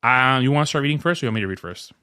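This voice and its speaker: A man co-hosts a music podcast with a middle-pitched voice. He jokes constantly and breaks into laughter often. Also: lively intonation, very fast, sharp tone, smooth, no echo, studio quality. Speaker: podcast co-host. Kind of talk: casual chat.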